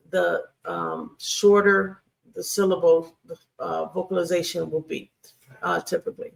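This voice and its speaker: Grammar teacher, unhurried delivery, heavy vocal fry, repeats key points with many ums. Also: mid-range voice. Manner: deliberate, repeats key phrases, frequent ums. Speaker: Hebrew grammar instructor. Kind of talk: screen-share lesson.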